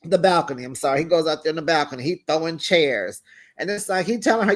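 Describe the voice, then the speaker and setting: A reality TV reviewer giving casual commentary to the camera, animated and talking straight to the cast. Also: medium pitch, fast talker. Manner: animated, talks straight to the cast, acts out quotes.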